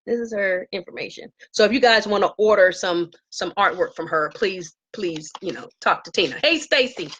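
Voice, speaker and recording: A woman casually telling a story to live viewers from her home, acting out quoted lines in a higher voice. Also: normal speed, few pauses, lo-fi sound, a little hiss or hum. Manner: animated, acts out quotes in a high voice. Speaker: live-stream vlogger. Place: home with herbs around.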